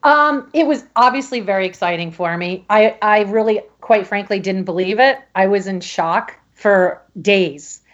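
A middle-aged woman from Connecticut, a podcast guest, telling a personal story in a halting way with many restarts. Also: medium pitch, a bit bright, dull audio. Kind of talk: emotional personal interview storytelling.

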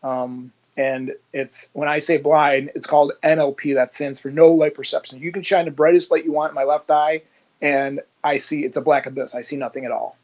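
Speaking at a normal speed with a fairly high, darkish voice and a steady tone, this middle-aged ex-cop recounts his experiences in a relaxed interview and performs the lines he quotes. The recording sounds slightly muffled and lo-fi.

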